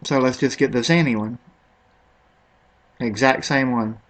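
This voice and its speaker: Casual screen-recorded commentary on a product comparison, delivered by a man with a medium-pitched, fairly bright voice at an unhurried pace. He wanders offhandedly from point to point and isn't always sure how words are said.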